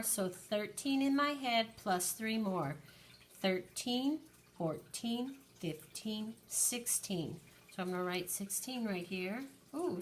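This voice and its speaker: A woman teacher slowly and patiently counting aloud through an early-grade lesson for young children. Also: a little high, fairly bright tone, slight background noise.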